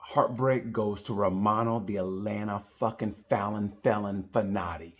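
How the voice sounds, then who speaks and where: A man's voice: lowish voice, normal speed. A man giving a rambling, profane comedic review of a motorcycle race. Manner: rambling, profane, animated storytelling. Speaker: comedy racing commentator.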